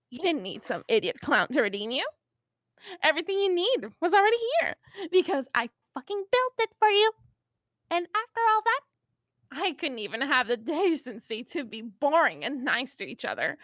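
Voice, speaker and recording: A woman's voice: high voice, sing-song, normal speed, fairly bright tone, no room sound. A woman voicing a brash, cocky teenage troll girl who swaggers, mocks and swears in an amateur audio drama. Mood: defiant rant. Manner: swaggering, profane, mocking.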